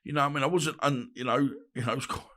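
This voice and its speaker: A man's voice: medium pitch, fairly even intonation, very fast, pushed and bright. A middle-aged man, a podcast guest telling rambling stories, laughing and swearing freely. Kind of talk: casual storytelling. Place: podcast studio.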